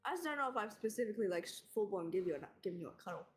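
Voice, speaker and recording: A woman's voice: medium pitch, lively intonation, racing. Woman, tabletop game player, casual chat, giggly, rambling, faint music behind.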